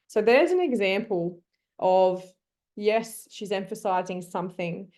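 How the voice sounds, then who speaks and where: A woman leads a live online class over a computer mic. She coaxes her students to join in and pauses with ums as she works out her thoughts aloud. Her pitch sits in a middle range. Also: animated, a little mellow. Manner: coaxing, thinks aloud with frequent ums. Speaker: teacher.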